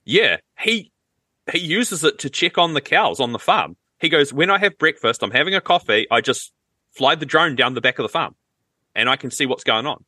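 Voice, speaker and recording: A man co-hosting a podcast in casual chat, easygoing and quick with joking asides. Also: a little high, expressive, bright, forceful tone, dry recording. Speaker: podcast co-host.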